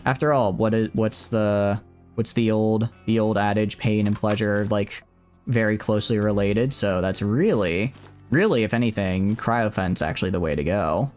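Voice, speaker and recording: Over faint background music, a male gaming streamer with a lowish, slightly mellow voice comments on a video game at a normal pace. The live-stream talk wanders through joking asides, with frequent swearing when things go wrong. He uses a streaming mic configured to limit loud shouts.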